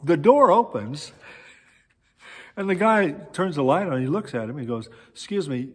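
A male pastor preaching a sermon in a church sanctuary, telling a story in an animated way with frequent pauses and fillers. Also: fairly high pitch, breathy edge. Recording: echoey church hall.

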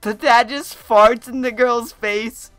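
Excitable teen guy with bright voice. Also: extremely high pitch, slow, faint music behind. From United States. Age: teens. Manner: excitable, laughs often, cheers on clips. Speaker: YouTuber. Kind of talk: casual reaction commentary.

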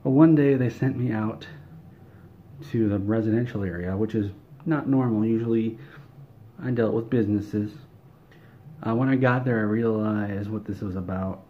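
A man telling a deadpan comic story in a dry, rambling way, on a slightly muffled recording with faint hiss. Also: lowish voice, normal speed, long pauses. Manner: dry, rambling delivery with fillers. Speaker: comedic storyteller.

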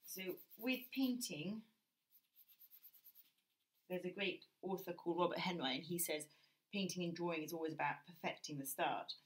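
Woman, British accent, low voice, art teacher, gentle, thinks aloud mid-drawing. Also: moderate pace, pauses often. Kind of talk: drawing lesson while working.

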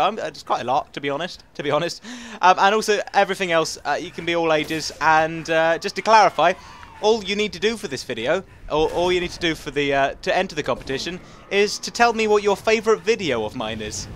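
A young Englishman with a high, light voice rattles through his game commentary at speed. He rambles, laughs a lot and gets excitable, with a faint hum of noise behind him at home. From England. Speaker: gaming commentator. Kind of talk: casual gameplay commentary.

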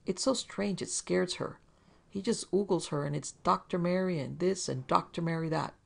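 A woman voicing a fussy, wheedling middle-aged man in a storybook reading, in a prim, high-pitched way. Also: normal speed, creaky.

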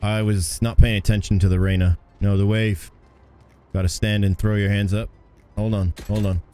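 A man's voice: fairly low pitch, little pitch movement, normal speed, warm tone. A man chatting with his live chat while playing a shooter game, laughing often. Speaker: streamer. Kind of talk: casual live gameplay chat. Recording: game music and gunfire behind. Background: game sounds and gunfire.

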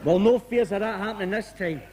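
A man's voice: sits high, a little fast, warm tone, a little hiss or hum, lightly acted. A man with a Scottish accent voicing a hapless football fan who speaks in a pleading, wry way.

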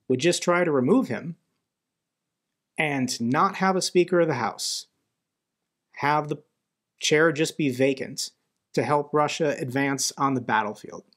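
American guy doing political commentary, blunt and fired up, voice on the higher side. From United States. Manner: blunt, indignant. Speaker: host.

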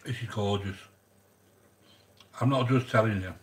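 A man with a fairly low voice speaks a little slowly as he hosts a cooking vlog. He rambles and jokes casually, greeting viewers by name as he goes.

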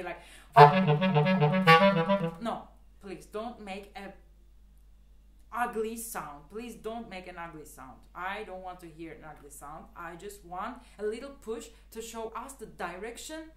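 In a roomy-sounding recording, a woman with a mid-range voice teaches the clarinet. Her spoken tutorial is relaxed and talkative, full of fillers and sincere advice she returns to again and again.

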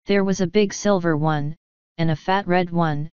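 A woman's voice: lowish voice, fairly even intonation, moderate pace, a little mellow, clean tone, no echo, lo-fi sound. A woman narrating an audiobook, reading every character herself with small shifts of voice. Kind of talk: scripted narration.

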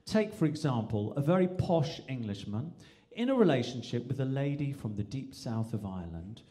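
A man from England doing stand-up on a live stage, animated and slipping in and out of mimicked accents. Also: mid-range voice, normal speed. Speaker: stand-up comedian. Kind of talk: stand-up comedy routine.

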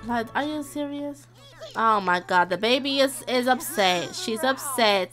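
A woman's voice: a little high, measured pace, a bit bright, soft background music. Chatty young woman gaming streamer. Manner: chatty, dramatic, squeals and laughs, talks to the viewers. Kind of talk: casual Let's Play commentary.

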